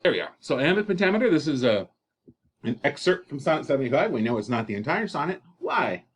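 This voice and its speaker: A man's voice: on the high side, sing-song, fast talker, slight background noise. Casual male teacher recording a lesson. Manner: casual, joking asides, many fillers. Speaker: English teacher.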